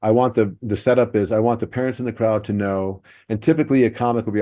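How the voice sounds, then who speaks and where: A male podcast host with a low, mellow voice, breaking down jokes in an analytical way. The sound is dry and close. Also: quick pace, few pauses, no room sound. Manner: analytical, explaining joke structure. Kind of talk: podcast discussion.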